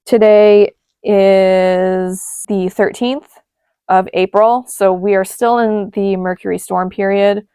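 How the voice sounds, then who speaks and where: A woman's voice: fairly low pitch, creaky, a little mellow, clear, resonant tone, no room sound, studio quality. A young adult woman casually walking through planner pages and astrology themes, chatty and correcting herself as she goes. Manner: chatty, self-correcting, talks while pointing at pages. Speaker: planner creator and astrology guide. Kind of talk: casual tutorial walkthrough.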